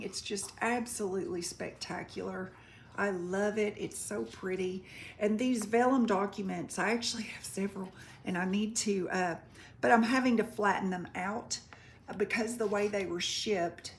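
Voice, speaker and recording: She speaks at a medium pitch with fairly even intonation, over slight background noise. In a casual presale video, this online craft seller chats easily about vintage paper and crafts, describing items up close and faltering on foreign words.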